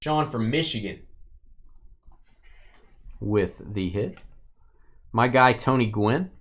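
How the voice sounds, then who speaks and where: A man keeps up easy, joking patter while hosting a live card-break stream. He calls out viewers by name and banters between cards, in a voice of ordinary middle pitch for a man. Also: animated, takes it slowly, fairly bright tone.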